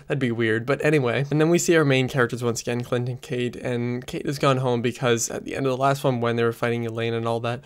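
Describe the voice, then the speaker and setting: A man's voice: mid-range voice, fairly even intonation, quick pace, hardly any pauses, smooth. A man giving a casual spoken review into a close USB desk microphone, rambling with lots of fillers. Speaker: film and TV reviewer.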